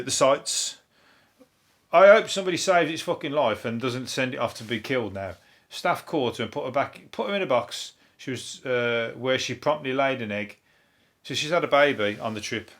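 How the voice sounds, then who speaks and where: Rambling through his casual solo podcast, a Birmingham-accented comedian from Birmingham, England swears often and laughs quietly to himself. His medium-pitched voice has a slightly bright quality.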